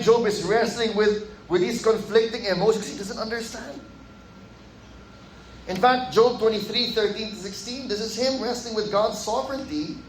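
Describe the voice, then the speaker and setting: Filipino pastor preaching in an echoey church. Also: male voice, sits high, slight background noise. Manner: mixes English with Tagalog asides, acts out quoted voices. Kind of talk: sermon. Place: church sanctuary. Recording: echoey hall with faint ambience.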